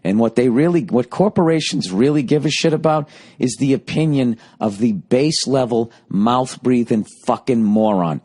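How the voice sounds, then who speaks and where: A man's voice: medium pitch, moderate pace, darkish tone. A man hosting his own podcast, reading ads with sarcastic, profane asides and then ranting casually, his voice worn from nightly shows. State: voice going hoarse from shows. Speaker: podcast host. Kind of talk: casual solo podcast rant with ad reads.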